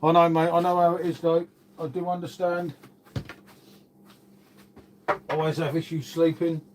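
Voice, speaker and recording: A man's voice: a little high, flat delivery, moderate pace, background noise. Chatty, swearing British man on a livestream. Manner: chatty, swears freely, greets and answers chat viewers. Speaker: livestream host. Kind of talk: casual live-stream chat.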